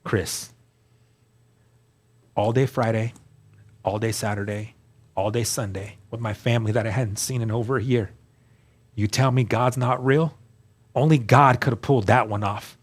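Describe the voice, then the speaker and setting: A man's voice: fairly low pitch, fairly even intonation, moderate pace, pauses often, husky. A man recounting his personal testimony in an interview, telling the story earnestly and acting out the dialogue he quotes. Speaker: guest sharing testimony.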